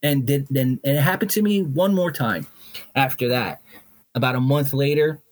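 A middle-aged man appears as an interview guest, telling a candid personal story in a blunt, profane way. His storytelling is animated and restless, delivered in a mid-range voice at normal speed.

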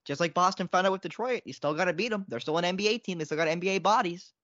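A man co-hosting a casual sports podcast. He is excitable and repeats himself, and his pitch jumps a lot. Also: rapid-fire, no echo. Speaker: podcast co-host. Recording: dry, dull lo-fi sound.

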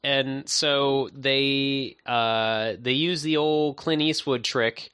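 A man in casual chat recapping a movie, laid-back and rambling with many pauses. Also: medium pitch, fairly even intonation, bright, forceful tone, smooth, dry recording, studio quality.

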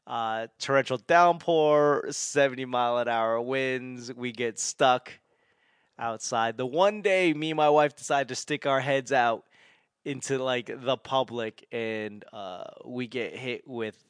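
A man's voice: mid-range voice, smooth, no echo, clean studio sound. A man casually telling a rambling story, laughing often and swearing freely.

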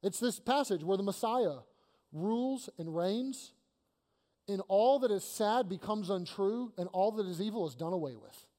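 A pastor preaching an emphatic, energetic sermon to his congregation, repeating phrases for emphasis. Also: high voice, normal speed. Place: church sanctuary. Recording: long reverb of a church hall.

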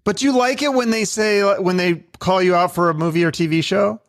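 High-voiced, eager male interviewer. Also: brisk. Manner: eager, enthusiastic questioner. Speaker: interview host. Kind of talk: casual interview questions.

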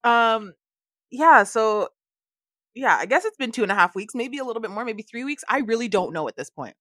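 A woman's voice: fairly high pitch, animated, moderate pace, fairly bright tone, no echo, studio quality. A young woman co-hosting a podcast in casual chat, tired, laughing often as she talks. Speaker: podcast co-host.

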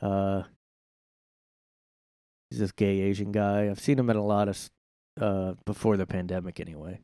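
A man's voice: fairly low pitch, steady tone, moderate pace, long pauses, dark tone, no echo, clean studio sound. A man hosting his own show from his room, ranting casually in a rambling, sarcastic way with plenty of swearing. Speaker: podcast host. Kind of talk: casual solo commentary rant.

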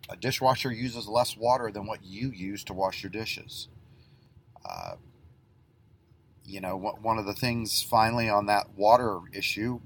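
A middle-aged man who owns a plumbing business, giving casual advice in a folksy, rambling way with lots of fillers and restarts. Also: on the low side.

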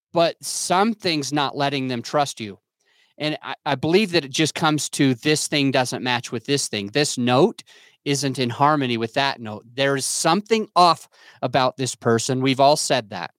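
A man's voice: on the high side, fairly bright tone, no echo. A young adult man talking candidly as a podcast guest, earnest and self-critical, often restarting his sentences as he searches for words. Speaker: podcast guest, entrepreneur and father. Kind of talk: candid reflective podcast talk.

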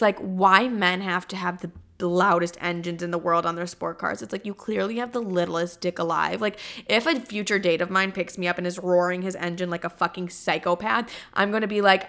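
A woman's voice: lowish voice, steady tone, normal speed, few pauses, a bit bright. A young woman in her twenties hosting her own podcast, signing off in a casual, chatty way full of swearing and rambling asides. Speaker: podcast host. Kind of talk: casual solo podcast outro.

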